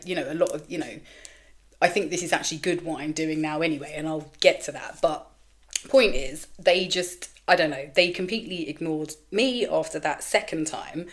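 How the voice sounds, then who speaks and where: Woman host, middle-aged, lower register, candid sweary storytelling. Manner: expressive, sweary, animated retelling with quoted inner voices. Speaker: podcast host. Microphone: camera with mic, solo recording.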